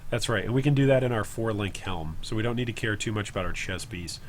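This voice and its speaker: A man's voice: fairly low pitch, fast, a little hiss or hum. A man streaming a video game, thinking aloud in a casual, chatty way and answering viewers' comments as he plays.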